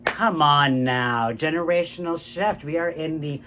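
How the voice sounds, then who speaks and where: A man's voice: on the high side, a little slow, a little hiss or hum. A man delivering a ranting political monologue. He swears a lot and keeps turning to the listener with "my friends, right?". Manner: animated, profane, keeps saying "my friends, right?".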